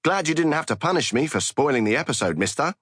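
A man reading an audiobook, voicing a crude male podcast host who puts on a high, leering fake Cockney schoolgirl voice. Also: animated, fast, fairly bright tone, breathy edge, no echo, studio quality. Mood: leering, mocking. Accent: put-on Cockney. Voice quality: high mocking falsetto, leering.

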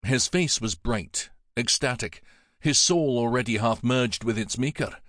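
Man, audiobook narrator, measured dramatic delivery, mid-range pitch, dry close mic. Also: fairly bright tone, dry recording.

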